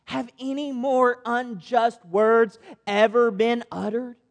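A man's voice: very high-pitched, level tone, slow pace, gravelly. A man preaching a sermon as a pastor, earnest and posing rhetorical questions to his listeners. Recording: long reverb of a large hall.

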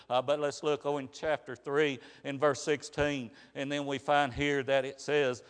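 A man preaching a sermon in an earnest, plain way, often pausing with "uh" and restarting phrases. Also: mid-range voice. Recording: reverberant hall.

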